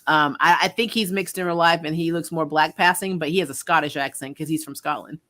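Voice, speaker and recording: Bright-voiced woman hosting a chatty stream. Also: low-pitched, a little fast. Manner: chatty, laughs often, lots of ums. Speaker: host. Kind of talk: casual livestream chat.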